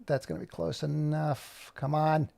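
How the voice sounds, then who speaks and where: A man's voice: a little high, little pitch movement, unhurried, creaky, mellow. A middle-aged man talking through an animation tutorial as he works, chatty and self-mocking, muttering to himself. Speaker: video creator. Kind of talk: screen-recorded tutorial with running commentary.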